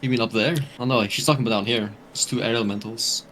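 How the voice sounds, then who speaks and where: A man's voice: medium pitch, fairly even intonation, quick pace, fairly bright tone. A man playing in a tabletop game, chatting casually, joking and swearing often. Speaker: player.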